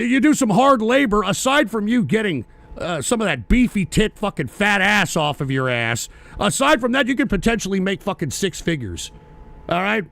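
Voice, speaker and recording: A man hosting a livestream, ranting angrily about politics and cursing at viewers who donate, often shouting. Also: high-pitched, creaky. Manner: profane, ranting, frequently shouting. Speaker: livestream host. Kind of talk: angry political rant, reading donations.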